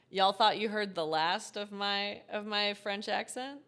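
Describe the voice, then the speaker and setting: A woman's voice: medium pitch, fairly bright tone, clean tone. Giggly woman streamer chatting. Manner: giggly, chatty, talks to chat. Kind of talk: casual live-stream chat while playing. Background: game music.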